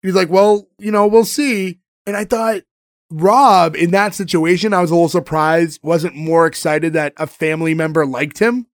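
A man hosting a casual podcast chat, retelling sitcom scenes and acting out the lines in quick quoted voices. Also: a little high, steady tone, no echo, clean studio sound. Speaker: podcast host recapping a sitcom episode.

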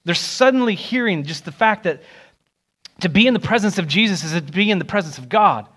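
Animated young pastor preaching a sermon. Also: male voice, a little fast, husky. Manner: animated, acts out quoted voices with rising pitch. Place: church sanctuary.

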